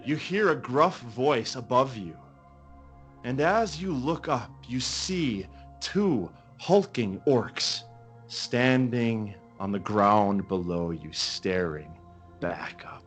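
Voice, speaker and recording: A man running a tabletop game as game master, telling the scene in a slow, dramatic way with long pauses. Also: mid-range voice, expressive, soft background music.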